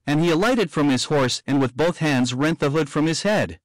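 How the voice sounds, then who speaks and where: A man reading an old book of martyrs aloud as steady scripted narration, giving quoted speech a light touch. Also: a little high, moderate pace, few pauses, dry recording, rough recording. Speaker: audiobook reader.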